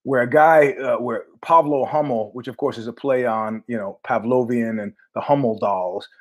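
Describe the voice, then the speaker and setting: A man's voice: mid-range voice, moderate pace. A man hosting his own show, telling a story in a blunt, profane, conversational way. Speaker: host. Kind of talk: casual storytelling monologue.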